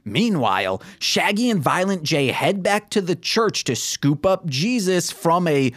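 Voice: mid-range voice, sing-song, measured pace. A podcast co-host chatting about comics in a jokey way, reading prepared recaps. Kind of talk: casual chat about comics.

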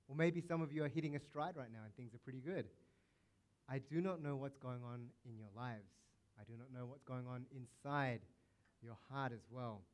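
A man's voice: mid-range voice, darkish tone. Man preaching a casual, playful sermon. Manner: conversational, playful preaching with acted quotes. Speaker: pastor.

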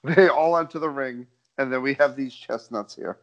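A man's voice: mid-range voice, normal speed. A man co-hosting a casual podcast, bluntly setting the scene and cursing. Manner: blunt, profane, sets the scene. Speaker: podcast co-host. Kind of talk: casual chat recapping wrestling. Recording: dull lo-fi mic.

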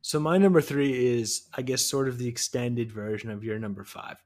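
A man's voice: medium pitch, normal speed, a little mellow. A man with a mid-range voice talks enthusiastically in a casual podcast chat. He rambles, restarts sentences and swears freely as he gushes. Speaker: podcast co-host.

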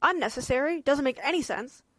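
A nineteen-year-old woman with a slightly high voice chats about a book, packing her talk with "like" and "I don't know." She sounds sarcastic and incredulous. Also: a little fast. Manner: filler-heavy, sarcastic, incredulous. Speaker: book discussion co-host. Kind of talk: casual book chat.

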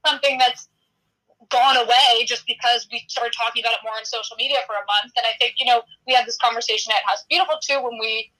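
A woman's voice: fairly high pitch, steady tone, fast, hardly any pauses, bright, forceful tone, rough recording. A woman, a magazine editor appearing as a podcast guest, talking in an earnest, conversational way. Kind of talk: casual interview chat.

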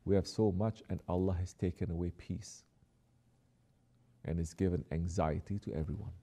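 A man preaching a sermon who exhorts his listeners, drops to soft, quiet asides and then rises to emphatic lines. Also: sits low, steady tone, normal speed, husky.

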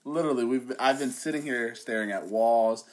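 A young man chatting loosely on a podcast recorded into a phone. His pitch sits mid-range and he talks loud, teasing and swearing between bursts of laughter. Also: fairly quick. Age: young adult. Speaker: podcast co-host. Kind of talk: casual chat.

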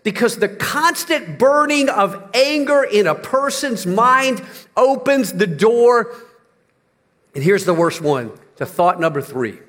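Animated, high-voiced male preacher. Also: long reverb tail. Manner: dramatic preaching, slows and drops low for emphasis, rising to near shouts. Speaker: pastor. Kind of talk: sermon.

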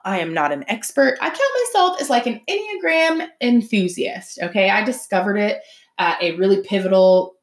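A woman in her thirties hosting a casual solo podcast, chatty and animated, acting out quotes from friends. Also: mid-range voice, moderate pace. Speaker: podcast host. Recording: roomy echo.

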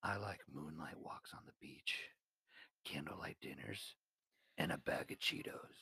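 A man voicing Krampus, the goat-demon, as a mock-romantic suitor in a low whispered growl. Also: a little slow, pushed and bright, husky, no room sound, exaggerated voice. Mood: mock-seductive.

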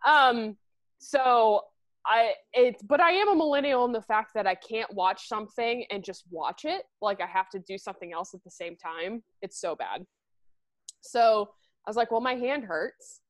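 A woman in her twenties in casual chat with a friend, relaxed and swearing casually. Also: a little high, normal speed.

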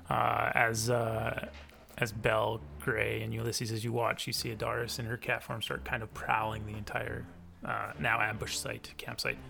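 A man narrating a tabletop game as game master, halting with fillers and restarts. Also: fairly low pitch, little pitch movement, gravelly, pushed and bright, soft background music.

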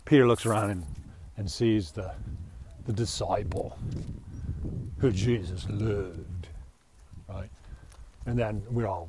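A man's voice: lowish voice, takes it slowly, long pauses. Man, casual rambling bible talk, irreverent asides, faint outdoor hiss.

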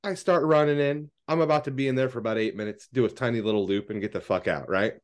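Man, podcast co-host, casual storytelling, swears a lot, loud acted-out quotes, middle pitch. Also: fast. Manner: animated, swears freely, acts out quotes loudly.

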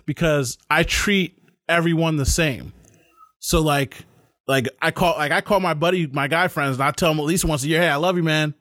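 Middle-aged male podcast host, lively raconteur who acts out every voice, higher-pitched, dry close sound. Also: moderate pace, no echo. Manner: animated storyteller acting out voices. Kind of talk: casual interview chat.

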